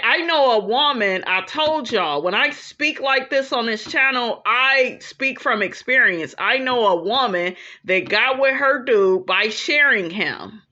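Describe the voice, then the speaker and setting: Blunt cussing woman on her channel, kinda high voice, keeps saying okay, muffled lo-fi sound. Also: bright, forceful tone. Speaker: reality TV commentator. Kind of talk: casual commentary. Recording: dull lo-fi recording.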